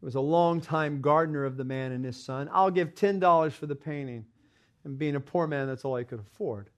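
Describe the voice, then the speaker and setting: A man preaching a sermon, telling a parable dramatically and acting out the characters' lines. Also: medium pitch. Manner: dramatic retelling of a parable, voicing characters with rising intensity; quiet, slow and reverent in prayer. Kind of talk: sermon storytelling and prayer.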